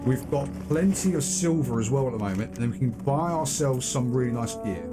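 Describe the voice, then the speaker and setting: A man's voice: medium pitch, lively intonation, brisk, loud music behind the voice. A man streaming a fantasy game, chatting casually with viewers and reading quest text aloud. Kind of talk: live gameplay commentary.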